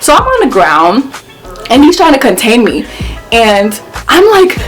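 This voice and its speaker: A young woman telling a story on her vlog, animated and swearing as she acts out the quotes. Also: sits high, moderate pace, faint music behind. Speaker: vlogger.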